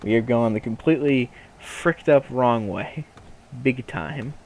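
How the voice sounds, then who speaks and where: A young man casually telling a funny story on a podcast, in an animated way with lots of laughing and fillers. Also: medium pitch, measured pace, a little hiss or hum. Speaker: podcast co-host.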